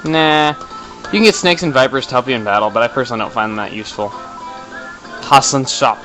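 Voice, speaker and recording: A man giving chatty, excitable commentary while playing a video game, tossing in the odd swear for effect. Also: medium pitch, fast talker, faint music behind, poor audio. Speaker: let's play host. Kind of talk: casual gameplay commentary.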